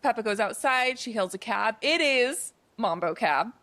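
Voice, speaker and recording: A woman's voice: on the high side, expressive, normal speed, pushed and bright, no room sound. A young adult woman co-hosting a podcast, recapping a film in chatty, casual talk packed with "like" fillers. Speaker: podcast co-host.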